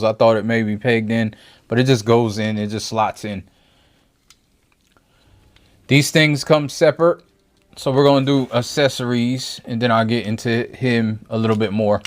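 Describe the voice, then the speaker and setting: A man's voice: medium pitch, normal speed. A man in a mid-range voice talks through a toy review at a table in his home setup. He rambles and thinks aloud, often stopping to rephrase himself. His delivery is casual and conversational, never scripted. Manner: rambling, thinks aloud, frequent self-corrections.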